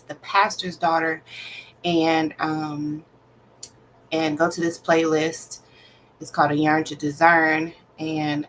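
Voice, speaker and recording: A tired woman from Alabama, chatting casually and slowly on a late-night livestream while she yawns. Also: low-pitched, slight background noise, poor audio. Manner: slow, easygoing, calls listeners "child". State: tired and yawning. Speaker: writer and livestream host. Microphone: off camera, voice only.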